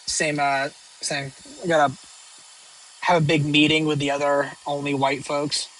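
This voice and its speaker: Young male streamer, somewhat high voice, off-the-cuff rambling banter. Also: little pitch movement, normal speed, fairly bright tone, slight background noise, low-quality recording. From northern United States. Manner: rambling, joking, with many fillers and restarts. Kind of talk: casual live-stream chat reading viewer questions.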